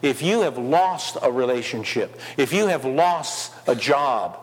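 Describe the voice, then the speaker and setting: A man preaching a sermon, firing off rhetorical questions and swinging between loud urgency and quiet asides. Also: mid-range voice, animated, measured pace. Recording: long hall reverb.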